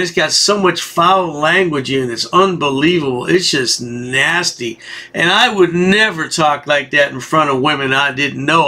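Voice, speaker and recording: A man's voice: fairly high pitch, sharp tone. A man hosting a video commentary, sarcastic and folksy, rambling as he mocks. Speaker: commentary channel host.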